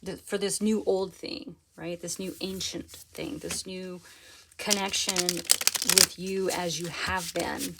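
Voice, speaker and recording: A woman giving a pick-a-card tarot reading to her viewers. She is earnest and excitable, and often stops to rephrase herself. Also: on the low side, takes it slowly, very noisy. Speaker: tarot reader.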